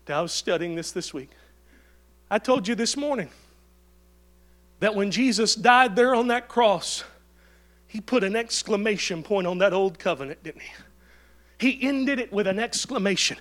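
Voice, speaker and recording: Male preacher, sermon, fervent and shouting, notably high and bright. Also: normal speed. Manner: fervent, exclaiming hallelujah, rising to shouts.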